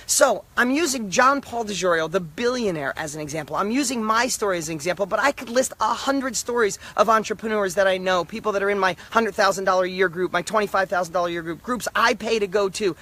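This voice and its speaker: A middle-aged man giving an emphatic, repetitive motivational talk, swinging between loud and soft. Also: high voice. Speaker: motivational speaker.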